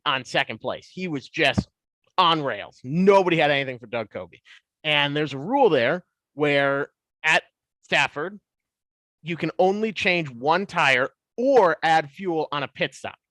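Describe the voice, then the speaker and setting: A man in his twenties, a podcast guest, telling stories in a casual, animated way. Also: on the high side, normal speed, no room sound. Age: 20s. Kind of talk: casual storytelling.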